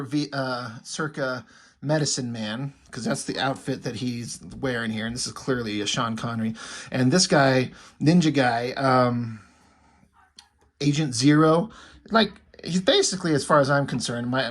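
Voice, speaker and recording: A man's voice: mid-range voice, fairly bright tone. A man rambling casually through a comic book review, enthusiastic and profane.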